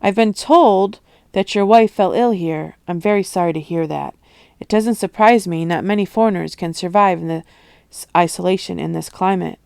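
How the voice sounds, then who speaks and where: A woman's voice: fairly low pitch, moderate pace, creaky, a little mellow, clean tone, no room sound, clean studio sound. A woman reading aloud voices a charming, wealthy male entrepreneur with a melodious, affectionate and teasing manner. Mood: smooth, coaxing. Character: charming wealthy adult male jungle entrepreneur, smooth-talking.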